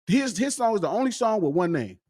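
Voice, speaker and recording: A man tells a story in casual chat. His voice sits somewhat high and jumps around with lively pitch. He acts out the quoted dialogue as he goes. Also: brisk. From West Coast US. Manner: animated, excitable storytelling, acting out quoted dialogue. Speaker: podcast guest.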